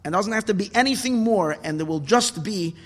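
A man giving an impassioned Torah talk as a rabbi, building at times to indignant shouts. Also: high-pitched, lively intonation, a little fast, big-room sound.

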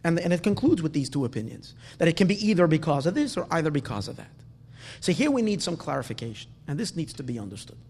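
A man teaching a Talmud lesson, halting and restarting often, asking rhetorical questions. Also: fairly high pitch, very animated, darkish tone, breathy edge, big-room sound. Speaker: Torah teacher.

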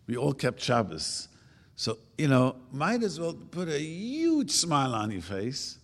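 An older man giving an informal religious talk, chatting casually and acting out quoted speech with sudden jumps in pitch. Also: huge pitch swings, a little slow. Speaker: religious teacher. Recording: long hall reverb.

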